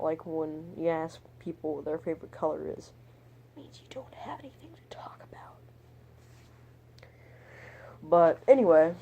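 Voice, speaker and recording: A young man tells a story to camera in a loose, meandering vlog style. His voice is soft and mellow, and his talk is crude and full of swearing. He keeps drifting off topic and dropping mumbled, whispered asides. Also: on the high side. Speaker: vlogger. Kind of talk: rambling storytime monologue.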